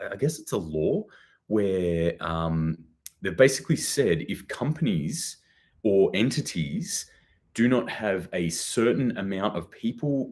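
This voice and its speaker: A man's voice: lowish voice, darkish tone. A young man hosting a preparedness news show in casual, rambling commentary, his voice a bit worn from a recent cold. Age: young adult. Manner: rambling, swears casually, self-deprecating asides. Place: chilly new home office.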